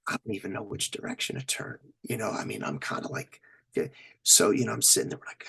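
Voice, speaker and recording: Husky-voiced man telling war stories. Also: fairly low pitch, quick pace. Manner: animated storyteller, acts out quotes and sound effects, swears freely. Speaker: military veteran guest. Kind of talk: storytelling in a podcast interview.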